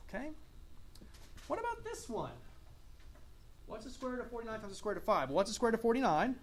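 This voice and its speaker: In a classroom math lecture, a man speaks with an extremely high voice that swings wildly in pitch, at a slightly fast pace over faint background noise. He quizzes students, repeats their answers, and coughs and clears his throat now and then.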